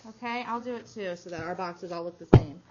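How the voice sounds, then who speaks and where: A woman teaching a small phonics group, stretching out each sound slowly and praising the children often. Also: fairly low pitch. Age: adult. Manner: slow, drawn-out sounding out of words with encouraging praise. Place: classroom. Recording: dull lo-fi classroom recording with faint noise.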